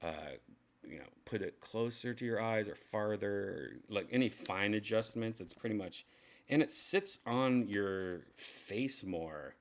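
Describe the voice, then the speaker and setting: A man's voice: on the low side, expressive, a little slow. A man livestreaming casual chat to his viewers, loose and rambling, swearing casually as he tests gear. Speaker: vlogger testing a VR headset mic.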